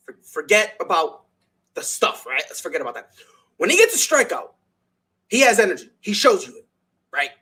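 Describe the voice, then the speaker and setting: A man's voice: high-pitched, pushed and bright, husky. A young man hosting a sports talk show, delivering an emphatic, slangy opinion monologue full of rhetorical questions.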